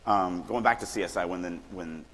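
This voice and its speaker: A middle-aged man from Louisiana giving a casual, animated writing workshop talk at a conference, acting out quoted lines now and then. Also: low-pitched, a little fast. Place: conference hall. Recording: long hall reverb, faint room noise.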